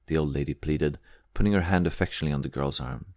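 A man reading a book aloud as audiobook narrator, measured and even. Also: rumbling low, no room sound, clean studio sound.

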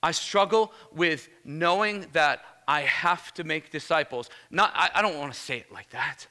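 A male pastor preaching a lively sermon, energetic and casual, calling out "Amen?" to the congregation. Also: fairly high pitch, normal speed, few pauses. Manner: energetic, casual slang, repeated "Amen?" calls.

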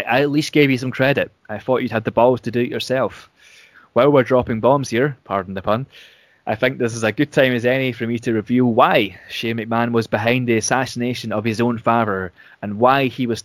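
A man's voice: mid-range voice, no echo, lightly acted. A man reading out a defiant wrestler's confrontational speech in his own everyday voice. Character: defiant male wrestler, cocky.

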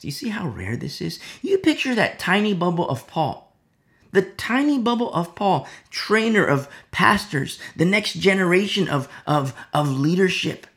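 A man's voice: on the high side, sing-song, normal speed, creaky, a bit bright. A man preaching a conversational Bible teaching, repeating phrases and dropping to near-whispers for emphasis, acting out little mock dialogues. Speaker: pastor.

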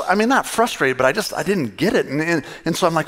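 A man's voice: a little high, animated, fast, hardly any pauses, a bit bright. A male pastor giving a conversational sermon, acting out little dialogues with God.

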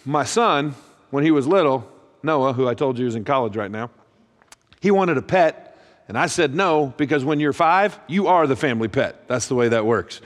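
Self-mocking preacher in a big echoey hall. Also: male voice, medium pitch, moderate pace. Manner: self-mocking, deadpan comic timing, acts out both sides of conversations. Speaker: pastor. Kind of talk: humorous sermon storytelling. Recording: long reverb of a large hall.

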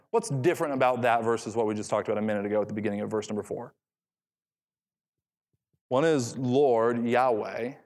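A man's voice: medium pitch, darkish tone. A man preaching an expository sermon, reading scripture aloud and repeating key phrases for emphasis. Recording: long hall reverb.

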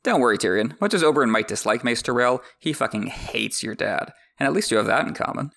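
Fast and animated, this male podcast host has a medium-pitched, fairly bright voice with vocal fry. He reads from a book while dropping in wry, comedic asides.

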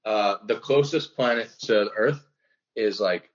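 A young man talking casually on a podcast, cursing freely and riffing into little acted-out scenes. His voice sits on the low side. The recording sounds dull and lo-fi. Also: takes it slowly. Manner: profane, joking, acts out bits. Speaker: podcast co-host. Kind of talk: casual comedic chat.

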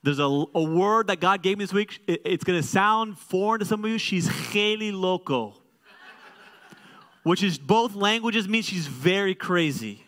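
Animated high-voiced male pastor preaching. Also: a little slow. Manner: animated, joking and conversational, swinging from quiet asides to loud exclaims. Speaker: co-lead pastor. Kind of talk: sermon. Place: church.

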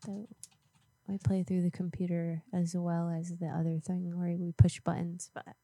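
A woman's voice: on the low side, flat delivery, moderate pace, dark tone, no echo, studio quality. A young woman co-hosting a prank call show, blunt and teasing in casual chat.

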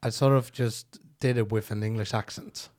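A Norwegian man with a slightly low voice chats loosely as a podcast guest. He speaks with a Norwegian accent, laughs a lot, and trips over his words, repeating and restarting as he goes. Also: steady tone, normal speed, darkish tone. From Norway. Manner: laughs often, stammers and restarts, breaks into silly voices. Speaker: comedian guest. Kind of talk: casual podcast conversation.

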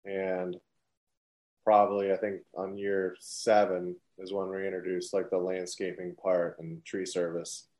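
Low flat-voiced male guest. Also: measured pace. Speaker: business owner guest. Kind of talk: casual interview answers.

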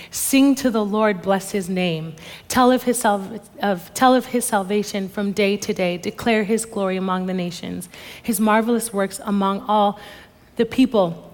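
A female pastor reading scripture verses in a measured way during a church sermon. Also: medium pitch. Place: church sanctuary on stage. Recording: long reverb of a large hall.

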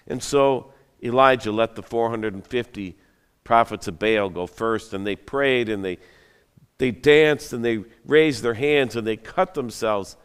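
A man's voice: mid-range voice, a little slow, clear, resonant tone. A man preaching a sermon, retelling a story in a conversational, dramatic way with joking asides. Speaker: pastor. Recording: long hall reverb.

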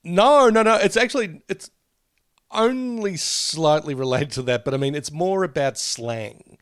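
A man's voice: a little high, unhurried, clear, resonant tone, dry recording, clean studio sound. A man co-hosting a podcast, chatting casually, laughing often and telling rambling anecdotes. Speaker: podcast co-host. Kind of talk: casual chat.

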